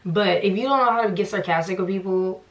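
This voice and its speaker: A woman's voice: medium pitch, quick pace. A young woman telling a casual storytime vlog with sarcastic asides, acting out the people she quotes. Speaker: vlogger.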